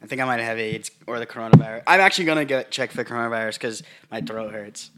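A man co-hosting a comedy podcast with a sore, gravelly throat, rambling and joking as he talks. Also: mid-range voice, quick pace. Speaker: podcast co-host. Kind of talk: crude comedic podcast chat.

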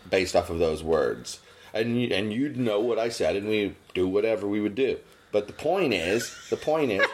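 A man's voice: on the low side, normal speed, slight background noise. A man hosting a podcast, ranting casually and getting worked up, his voice jumping up when indignant. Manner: animated ranting, rising sharply when indignant. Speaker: podcast host. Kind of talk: casual chat.

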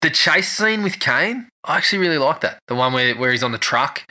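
Bright-voiced man reviewing a film. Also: fairly high pitch, lively intonation, fairly quick. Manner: swears freely, laughs often, acts out scenes. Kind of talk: casual film review chat.

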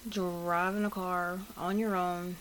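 A woman's voice: fairly low pitch, little pitch movement, takes it slowly, fairly bright tone, a little hiss or hum. A woman interviewing a guest, prompting him with short questions.

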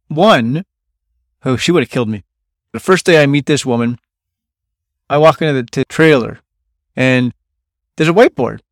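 Guy telling work stories on his podcast, medium voice, dry close sound, acts out coworkers loudly. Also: medium pitch, moderate pace, pauses often, dry recording. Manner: animated storyteller, quotes coworkers in loud bursts. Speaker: podcast host. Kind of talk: storytelling monologue.

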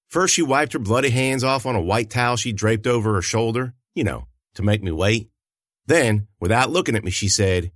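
A man's voice: mid-range voice, a little fast, no echo, clean studio sound. A man giving a folksy, first-person audiobook narration. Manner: folksy, lively storytelling.

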